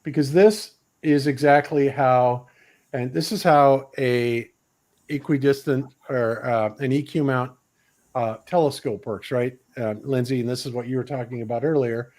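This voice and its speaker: A man's voice: mid-range voice, fairly even intonation, measured pace, darkish tone. Man hosting, thinking aloud. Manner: loose, thinking aloud while sharing his screen. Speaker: host. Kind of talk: casual panel discussion.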